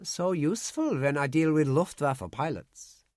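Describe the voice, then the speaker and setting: A man doing a calm German nurse. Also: a little high, unhurried, dry recording, clean studio sound. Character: young German baroness nurse, woman, calm.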